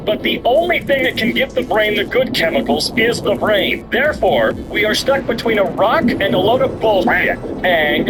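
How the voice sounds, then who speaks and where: Sarcastic man reading memes, lively pitch. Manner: sarcastic, playful, shifts into quick silly voices. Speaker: comedy video host. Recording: noisy background.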